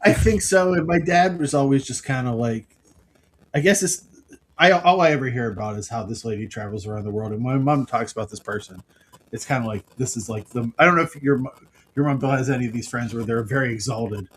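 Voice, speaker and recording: A middle-aged man co-hosting a podcast, chatting casually and telling family stories with quick impressions of the people in them. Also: mid-range voice, slightly rough, rough recording. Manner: storytelling, mimics his father's outbursts. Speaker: podcast co-host. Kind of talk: casual chat.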